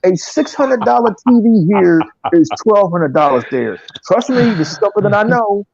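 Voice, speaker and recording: A man hosting a podcast, ranting profanely and mocking others in an animated way. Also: high voice, normal speed, creaky. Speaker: podcast host. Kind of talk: casual chat. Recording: dry, dull lo-fi sound.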